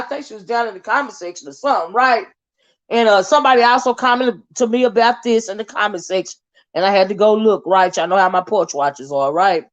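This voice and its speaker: Hosting a casual gossip livestream, a woman chats away in a drawl, calling her viewers "child" and "honey." Her voice is a little high, and the recording sounds muffled.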